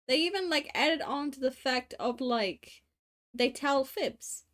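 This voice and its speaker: A woman's voice: high-pitched, lively intonation, slow pace, a bit bright. An Australian woman in her late twenties, streaming casual chat while drawing, rambling with many fillers, casual swearing and frequent laughs. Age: late 20s.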